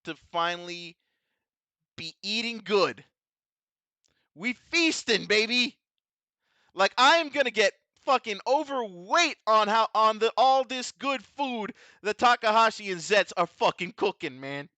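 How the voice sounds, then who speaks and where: A man's voice: sits high, expressive, unhurried, sharp tone, dry recording. A man gushing emotionally as a fan, emphatic and repetitive, swearing freely as he praises a show. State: emotional, overwhelmed. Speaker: vtuber host reviewing a tokusatsu episode. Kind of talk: excited fan commentary.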